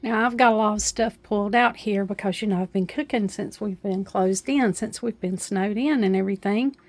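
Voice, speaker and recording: A woman speaks in a mid-range voice at a moderate pace, giving a casual show-and-tell vlog of her decorations from her home kitchen. She has an Appalachian accent and a homey, chatty way of talking, dropping "uh" often.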